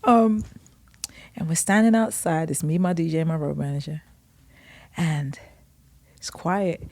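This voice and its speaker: A woman's voice: deep voice, a little fast. A woman guest on a podcast, telling a story in a casual way, acting out the voices of other people with laughter. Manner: animated, acts out quotes with laughs.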